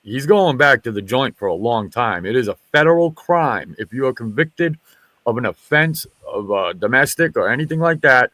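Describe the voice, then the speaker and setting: A man, a former military police officer, swearing freely in an animated story that acts out what each person said. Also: mid-range voice, moderate pace, no echo. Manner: profane, animated retelling with quoted dialogue. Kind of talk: casual storytelling in a group chat.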